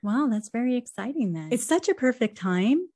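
A woman parent interviewing a guest in a casual chat, lively and talkative, playing out her own family scenes. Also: on the high side, normal speed, no room sound, studio quality. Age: adult parent. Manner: chatty, animated, acts out her kids and herself.

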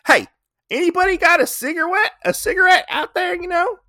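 A man's voice: extremely high pitch, animated, a little fast, sharp tone, no room sound, clean studio sound, voice pushed up, exaggerated voice. A man voicing a tough little girl who turns into a monster, with a defiant manner. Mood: brash. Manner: gruff, defiant.

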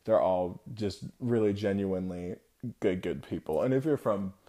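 A young man from the United States telling a personal story to his viewers, candid and reflective, with halting, broken-off phrasing. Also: deep voice, lively intonation, mellow. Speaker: vlogger.

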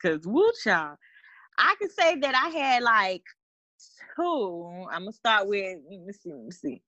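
A woman telling dating stories in a casual chat with friends, animated and laughing often. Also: mid-range voice, measured pace, no room sound, highs cut off.

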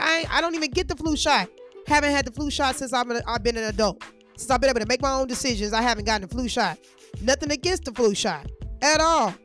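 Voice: sits high, quick pace, a bit bright, faint music behind. A vlogger who is sick with a sore throat, talking straight to camera in a casual, profane, increasingly heated rant.

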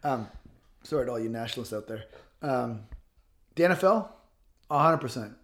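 A man's voice: mid-range voice, expressive, normal speed, fairly bright tone. A man of fifty speaking as an interview guest, blunt and passionate, swearing freely. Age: 50s. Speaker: guest author. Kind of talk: casual interview talk.

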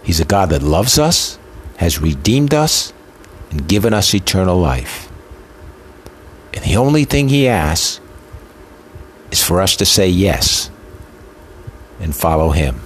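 A man preaching with a low voice that swings widely up and down as he builds his points through repetition. His delivery is impassioned and emotional. A faint noise sits under the recording. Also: very animated, slow, long pauses. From Italian heritage. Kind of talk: sermon.

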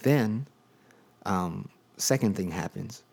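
Young guy w a really low voice, casual testimony podcast, lots of um and you know. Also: animated, slow pace, vocal fry, darkish tone, breathy edge. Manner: conversational storytelling with many fillers. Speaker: podcast host sharing his testimony.

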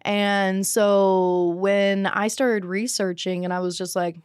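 A woman of middling pitch tells her own story frankly, swearing freely and slipping into the voices of people she quotes. Her sound is dry and close. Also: little pitch movement, slow, few pauses, darkish tone, smooth, no echo. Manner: frank, profane, acts out other voices. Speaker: podcast guest. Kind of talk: candid personal storytelling.

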